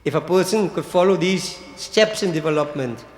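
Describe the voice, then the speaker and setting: An older man delivers a religious sermon at a moderate pace, his voice on the high side. He addresses his listeners as devotees and drops in rhetorical "hmm?" asides, recorded in an echoey hall with long reverb.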